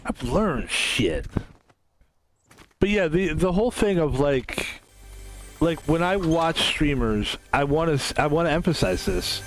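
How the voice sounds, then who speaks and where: A man's voice: a little high, normal speed, faint music behind. A man from the United States rambling casually while streaming a game, often trailing off, restarting and laughing.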